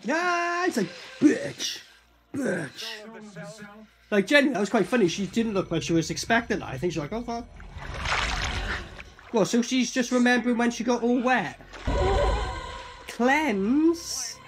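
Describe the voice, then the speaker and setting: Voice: medium pitch, big pitch swings, a bit bright, a little hiss or hum. Rambling movie reactor, swearing freely. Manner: rambling, profane, acts out characters in quick asides. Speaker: film reviewer. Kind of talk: casual movie reaction commentary.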